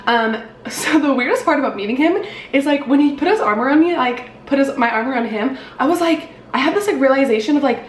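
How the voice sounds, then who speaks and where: A young woman in her twenties tells a story to her vlog audience in a bubbly, casual way, full of fillers and "like". Her voice sits a little high and comes from a slight distance. It carries a roomy echo over a faint background hum. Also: animated, fairly quick. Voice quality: upbeat, filler-heavy, lots of "like". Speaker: beauty vlogger.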